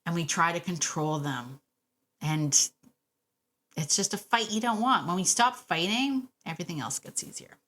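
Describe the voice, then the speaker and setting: A woman hosting a solo podcast about dog training, chatty and warm, laughing often and repeating phrases for emphasis. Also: lowish voice, lively intonation, moderate pace. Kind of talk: casual solo podcast talk.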